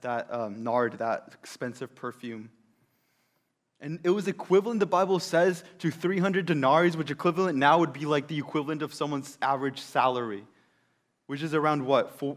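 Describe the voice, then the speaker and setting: A male preacher retelling a scripture story in an animated, conversational way, with rhetorical questions to the audience. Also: fairly high pitch. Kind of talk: sermon storytelling.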